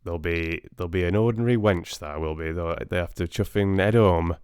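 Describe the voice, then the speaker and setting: Brash male Yorkshire storyteller, a man putting it on, loud and rowdy, smooth, clear voice. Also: low voice, brisk, no echo, studio quality, natural voice. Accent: put-on broad Yorkshire. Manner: rowdy, slangy, keeps asking "right?".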